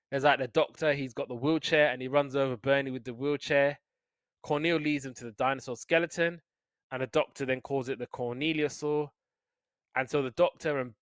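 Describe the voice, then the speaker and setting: A man with a smooth, resonant voice chats through cartoon plots and acts out the characters' lines. His pitch is ordinary. The recording is dry and close. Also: a bit bright, no room sound. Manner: chatty, acts out lines in quotes. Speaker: podcast co-host. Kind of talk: casual episode recap.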